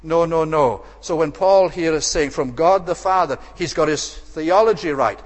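A man's voice: fairly high pitch, moderate pace. A man preaching an expository sermon with emphatic, repetitive rhetorical phrasing. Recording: long hall reverb.

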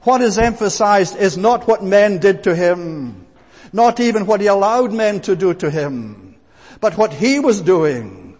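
A man preaching a sermon in an earnest, emphatic and deliberate way. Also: high-pitched, lively intonation, darkish tone, breathy edge, big-room sound.

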